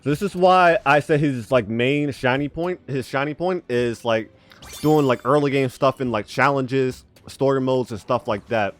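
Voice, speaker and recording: A man's voice: medium pitch, moderate pace. A man giving casual, rambling gameplay commentary, swearing freely and saying bro a lot, his speech a bit spitty from a retainer. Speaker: gaming YouTuber.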